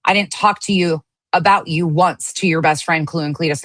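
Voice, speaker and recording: A woman's voice: low voice, steady tone, brisk, a bit bright, no room sound. A woman giving heated livestream commentary, ranting angrily and swearing often. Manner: angry, profane ranting. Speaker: online drama commentator.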